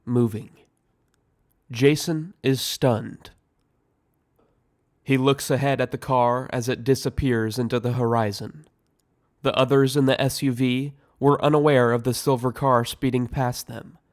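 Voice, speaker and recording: A man reading aloud the scene directions of his own audio screenplay in a measured way. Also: mid-range voice, steady tone. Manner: slow, measured. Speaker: writer and director narrating.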